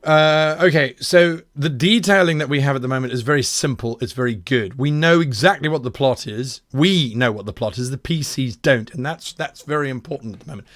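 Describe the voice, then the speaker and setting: A man running a workshop as a game master, critiquing adventure submissions in a quick, wry, self-mocking way. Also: mid-range voice.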